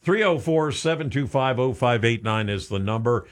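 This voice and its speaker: A man's voice: mid-range voice, lively intonation, normal speed. A man hosting a radio talk segment, joking around and stammering through restarts. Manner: jokey, playful, stammers with restarts. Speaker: radio show host. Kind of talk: casual radio chat.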